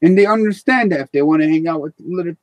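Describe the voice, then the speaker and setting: A man's voice: fairly high pitch, quick pace, darkish tone, no room sound. A man hosting a live stream in casual chat, blunt and rambling, swearing freely.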